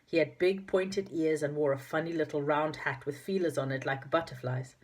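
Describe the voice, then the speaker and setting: A woman's voice: deep voice, steady tone, normal speed. A woman reading a children's storybook aloud, with occasional slips and corrections. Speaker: narrator.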